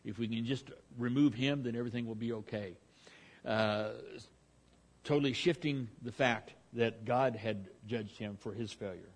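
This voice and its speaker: A man's voice: medium pitch, moderate pace. Man teaching a Bible passage, informal. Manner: conversational, with frequent restarts and fillers. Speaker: preacher.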